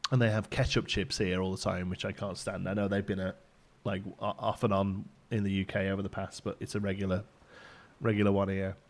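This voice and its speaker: In a casual live-stream chat from his Ontario, Canada home, a man plays a game, talks with viewers, and laughs often. His voice is low and flat, and his delivery runs a little fast.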